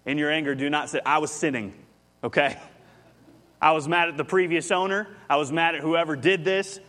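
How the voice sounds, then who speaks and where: A man's voice: a little high, lively intonation, normal speed, fairly bright tone. A man, preaching a conversational sermon as pastor, telling a story and rising with animation.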